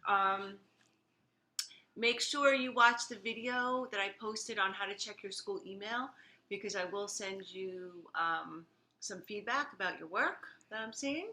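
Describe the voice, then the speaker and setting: A woman's voice: medium pitch, a little slow, pushed and bright. A woman teacher making casual, chatty announcements to her online class, with many fillers.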